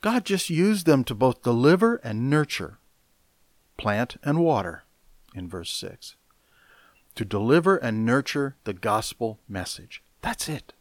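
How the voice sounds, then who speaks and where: Male preacher, mid-pitched, slow measured teaching, dry close recording. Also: very animated, no room sound. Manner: deliberate, measured, explaining word by word with emphatic stresses. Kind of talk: expository Bible teaching.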